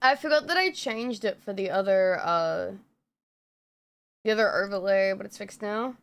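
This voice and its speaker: A woman's voice: mid-range voice, normal speed, smooth. A woman streamer chatting casually on a live stream, rambling with lots of fillers and frequent swearing.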